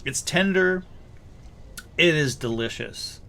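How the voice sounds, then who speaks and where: A man narrating a tabletop game as game master, describing scenes with many pauses and fillers. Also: a little high, expressive, vocal fry, very noisy.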